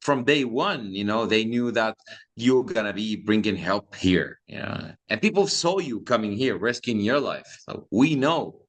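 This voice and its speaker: A man from Syria answers in an interview. His voice sits somewhat low, and he speaks in halting English with short agreeing interjections. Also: expressive. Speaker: guest.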